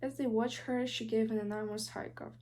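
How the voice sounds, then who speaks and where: A woman's voice: on the high side, steady tone, fairly quick, a little mellow, slight background noise. Young Ukrainian-accented woman reading aloud. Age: young adult. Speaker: student reader. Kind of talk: audiobook reading.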